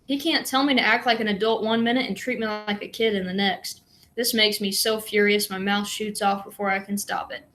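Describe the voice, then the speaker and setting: A woman's voice: medium pitch, fairly even intonation, a little fast, a bit bright. Woman reading a novel aloud. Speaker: audiobook reader. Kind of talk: first-person novel narration.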